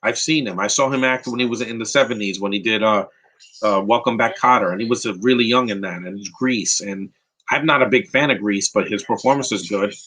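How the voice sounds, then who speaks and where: With a bright, tense, breathy voice on the low side, a New Yorker hosts a live podcast about films. He moves briskly from one opinionated take to the next, often restarting sentences and fielding chat questions as they arrive, on a low-quality recording.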